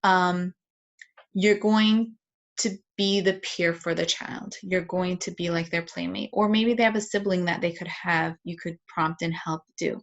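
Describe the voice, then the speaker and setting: A woman's voice: on the low side, fairly even intonation, measured pace, muffled recording. Patient woman teaching parents about play. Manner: patient, explanatory, plays out toy voices. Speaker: parenting educator. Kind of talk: instructional talk with toy demonstration.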